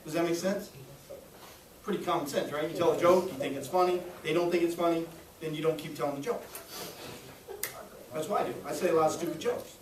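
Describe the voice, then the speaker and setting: High-voiced man giving a jokey sales training. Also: steady tone, fairly quick, long pauses, recorded from a distance. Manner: jokey, keeps checking in with "right?". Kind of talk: training lecture to a group. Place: training room with an audience. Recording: echoey room recorded from afar, faint noise.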